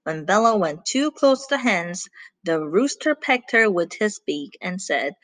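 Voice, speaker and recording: Animated woman reading a children's story. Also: medium pitch, unhurried, no echo. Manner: animated, asks listeners questions. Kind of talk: children's story read-aloud.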